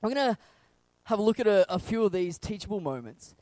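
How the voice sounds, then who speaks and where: Animated young man preaching with humor. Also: high voice, a little fast, dry recording. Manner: animated, humorous storytelling that acts out scenes. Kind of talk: sermon.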